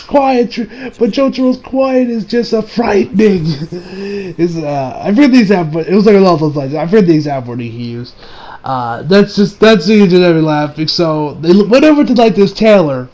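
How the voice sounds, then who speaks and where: A man's voice: sits high, a little mellow, poor audio. A young man casually recapping an anime episode, rambling and playful, laughing as he retells scenes.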